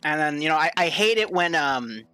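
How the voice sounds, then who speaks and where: A man hosting a live stream jokingly walks through a recipe as if on a mock cooking show, swearing often. His voice is a little high and sharp yet smooth, with lively intonation and a slightly fast pace.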